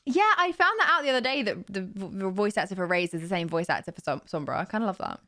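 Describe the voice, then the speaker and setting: Chatty young woman, lively low voice. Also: fast, hardly any pauses, dry recording, clean studio sound. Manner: chatty, playful, trying out accents. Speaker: livestreamer. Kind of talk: casual live-stream chat.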